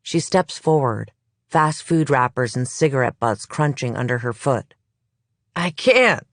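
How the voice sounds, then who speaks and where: An audiobook narrator reading a crime thriller in measured, even storytelling, close to the mic. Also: medium pitch, dry recording. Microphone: close studio mic.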